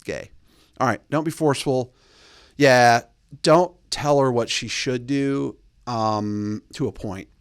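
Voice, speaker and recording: A man's voice: steady tone, slow, clean tone, dry recording. A male host giving blunt, bossy dating advice in a casual monologue, close to the mic. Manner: blunt, bossy, mocks texts in a high put-on voice.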